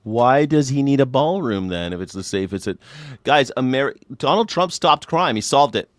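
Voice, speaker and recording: A man's voice: mid-range voice, animated, normal speed, no echo, studio quality. A man hosting a live call-in show, ranting sarcastically and profanely about politics and mocking people in put-on voices.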